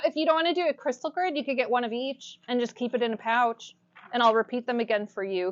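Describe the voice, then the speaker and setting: A woman's voice: fairly high pitch, fast talker. A woman leads a live workshop, talking casually and laughing often. She asks the class questions as she goes. The recording sounds a bit muffled. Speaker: workshop teacher. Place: shop classroom with audience.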